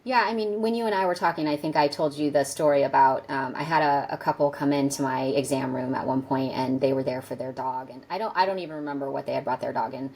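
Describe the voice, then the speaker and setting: A woman guest in an interview, telling a story in an animated way and acting out the people in it. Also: fast talker, hardly any pauses. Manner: animated storyteller, acts out quotes in a higher voice. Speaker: guest, veterinarian.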